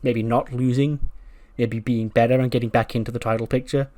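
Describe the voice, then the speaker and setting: A man's voice: mid-range voice, level tone, brisk, darkish tone, natural voice. A man voicing a tactless male interviewer who needles his guest while narrating a wrestling sim playthrough. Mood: needling.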